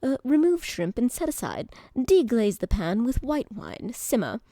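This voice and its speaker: A woman putting on a genial British bartender bot, all upbeat cheer, in a put-on British accent that is on purpose not very good. The voice sits fairly high and is recorded dry and close, with no room sound. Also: huge pitch swings, a little slow, dark tone, no echo, exaggerated voice. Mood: chipper. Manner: upbeat, genial, reading out steps. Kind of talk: reading a chatbot reply in character.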